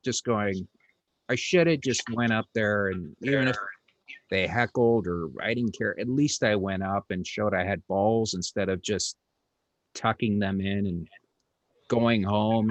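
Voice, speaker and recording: A man's voice: on the low side, fairly bright tone, dry recording, highs cut off. A middle-aged man, a comedian hosting an interview, telling a story in a casual, rambling way with lots of fillers, restarts and blunt, crude words.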